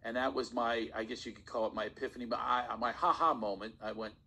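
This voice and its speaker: A man, a stand-up comedian, telling stories on a podcast in a casual, animated way and often laughing as he talks. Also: mid-range voice, fast, hardly any pauses, breathy edge, poor audio. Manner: animated storyteller, laughs while talking. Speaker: guest comedian.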